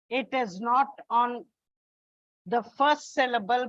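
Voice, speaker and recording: A woman teacher giving a classroom lecture on English, speaking deliberately, listing examples one by one and calling her students children. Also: a little high, a bit bright, no echo. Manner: slow, deliberate, repeats and lists examples. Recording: dull, lo-fi sound.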